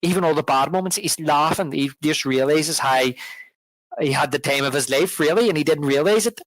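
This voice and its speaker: A man's voice: on the high side, a little fast, no echo, low-quality recording. A man co-hosting a film podcast, rambling through a casual film discussion with many restarts as he retells scenes. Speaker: podcast co-host. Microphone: podcast microphone.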